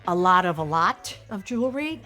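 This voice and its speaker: Woman from long island, low voice, candid and self-deprecating, relaxed interview chat, faint music underneath. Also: moderate pace. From Long Island, New York. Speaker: actress interviewee. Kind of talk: casual interview reflection.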